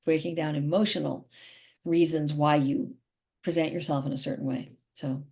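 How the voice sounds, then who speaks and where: A woman's voice: sits low, fairly even intonation, normal speed, a little mellow. A middle-aged woman, an actress and interview guest, talking in a casual, emphatic and opinionated way.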